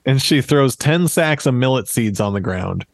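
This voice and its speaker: A man's voice: medium pitch, lively intonation, moderate pace, gravelly, no room sound. A man in his thirties casually retelling a fairy tale on a podcast, with jokey asides and laughs. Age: 30s. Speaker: podcast host. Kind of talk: casual storytelling chat.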